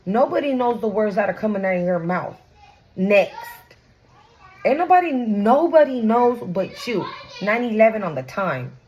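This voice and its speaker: A woman's voice: mid-range voice, sing-song, normal speed, a little mellow, muffled recording. A woman with a mid-range voice talks her viewers through a tarot spread in an easygoing, slangy way. She is blunt and swears freely. Faint background noise sits under her voice. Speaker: tarot reader. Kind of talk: casual tarot reading to viewers.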